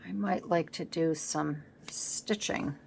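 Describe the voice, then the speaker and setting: A woman's voice: sits low, slow pace, vocal fry, a little mellow, slight background noise. A woman talking casually at her craft table at home, thinking aloud as she works, recorded by a camera set on the table. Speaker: scrapbooking vlogger. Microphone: camera set up on the work table.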